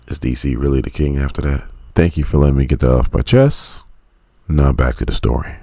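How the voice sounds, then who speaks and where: Very deep-voiced man recapping a comic. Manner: animated storytelling, acting out characters. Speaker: comic book reviewer.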